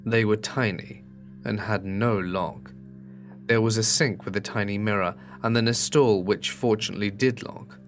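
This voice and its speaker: A man reading a first-person scary story aloud in steady, earnest scripted narration. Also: on the low side, moderate pace, faint music behind.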